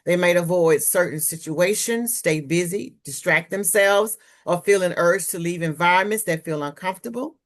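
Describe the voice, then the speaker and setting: Low-voiced woman giving a candid talk. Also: moderate pace, hardly any pauses. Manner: candid, personal, speaks from her own experience. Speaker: presenter on trauma healing. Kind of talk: webinar presentation.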